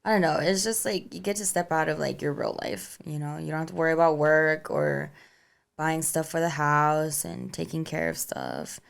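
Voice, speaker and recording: Young woman, low voice, gravelly fry, casual podcast chat, laughs a lot. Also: animated, moderate pace. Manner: chatty, laughs often, trails off with "like" and "you know". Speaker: podcast co-host.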